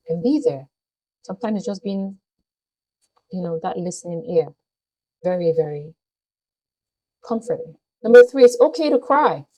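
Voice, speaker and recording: A woman's voice: fairly low pitch, mellow, breathy edge, poor audio. A woman vlogger speaking to her viewers in a heartfelt, earnest way. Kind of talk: personal talk to camera.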